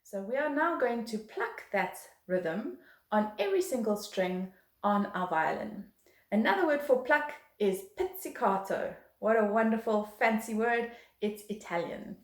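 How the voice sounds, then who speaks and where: A woman's voice: a little high, animated, a little slow. Encouraging woman teaching violin, roomy sound. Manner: patient, encouraging, counts and chants rhythms aloud. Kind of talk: beginner music lesson. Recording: roomy echo.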